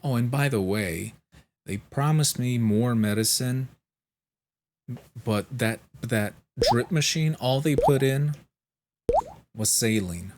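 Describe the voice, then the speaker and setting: A man's voice: mid-range voice, slow pace, long pauses, a little hiss or hum. A man vlogger telling a story in a casual monologue, frank, exasperated and heavily profane.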